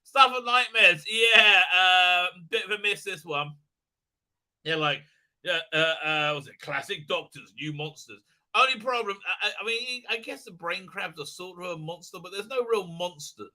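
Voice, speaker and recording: A man's voice: sits high, lively intonation, moderate pace, bright, forceful tone. A middle-aged man hosting a live stream, rambling casually with lots of fillers and blunt jokes. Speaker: host.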